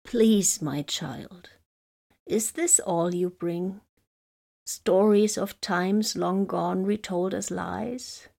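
A woman voicing a frail old male elder who speaks slowly and quaveringly. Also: medium pitch, gravelly, a little mellow, full character voice. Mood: questioning.

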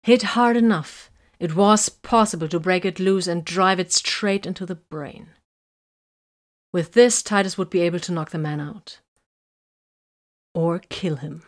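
Woman reading a battle story aloud, calm steady pace, lowish voice. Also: unhurried. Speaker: narrator. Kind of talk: audiobook reading of fan fiction.

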